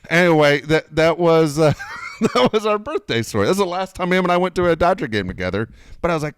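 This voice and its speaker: A middle-aged man co-hosting a casual chat show, telling a story animatedly, swearing freely and loudly acting out his own outbursts. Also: fairly high pitch, lively intonation, brisk, clear, resonant tone, no echo, clean studio sound. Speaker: podcast co-host.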